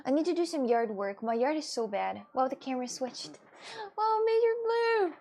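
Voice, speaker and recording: A woman's voice: fairly high pitch, lively intonation, fairly quick, gravelly, warm tone, slight background noise. A woman with a chatting casually to her viewers, rambling and restarting with many fillers. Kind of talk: casual chat.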